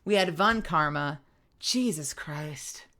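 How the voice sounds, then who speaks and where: Tired, animated woman streamer. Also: low-pitched, slow. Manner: animated, laughing, cursing freely. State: tired, strained voice. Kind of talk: casual stream outro chat.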